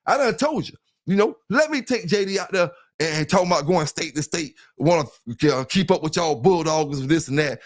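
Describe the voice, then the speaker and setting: A man's voice: on the high side, animated, brisk. A middle-aged man with a Southern US accent, hosting a casual livestream and talking loosely to his viewers. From South Carolina. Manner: loose and talkative, keeps saying "you know what I'm saying", greets chat members. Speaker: livestream host.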